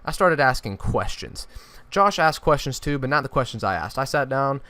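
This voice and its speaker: A young man, telling a true story for his vlog in an animated way, often restarting his sentences. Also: medium pitch, moderate pace, dry recording. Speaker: YouTuber.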